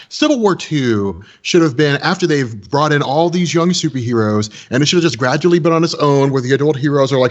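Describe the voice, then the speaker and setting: A man's voice: a little high, animated, brisk, hardly any pauses, highs cut off. A man on a comics podcast ranting bluntly, rambling and repeating words as he swears. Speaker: podcast co-host and comics video maker. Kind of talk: casual podcast rant.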